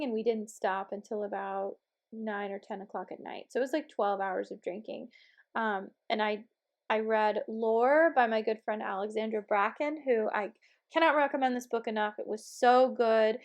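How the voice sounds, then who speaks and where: Hoarse, chatty woman vlogger. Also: fairly high pitch. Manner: chatty, upbeat, frequent ums. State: hoarse from illness. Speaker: planner vlogger. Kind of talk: casual planner vlog narration.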